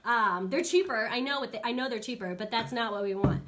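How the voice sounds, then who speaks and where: A woman in her thirties, a dog trainer on a casual live stream, talking in a chatty, animated way. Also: brisk. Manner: chatty, animated, acts out dogs and kids in high squeaky voices.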